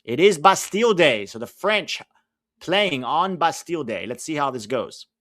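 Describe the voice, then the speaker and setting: A man's voice: fairly high pitch, expressive, normal speed, a bit bright, dry recording, studio quality. A man with an American accent hosting a casual live watch-along, chatting with viewers and reading out team lineups and chat messages. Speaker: live stream host.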